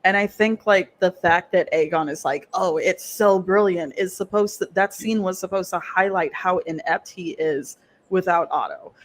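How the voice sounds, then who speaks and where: A man with a notably high voice chats on a livestream. He is animated and blunt and swears freely. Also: normal speed, slight background noise. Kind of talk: casual livestream chat.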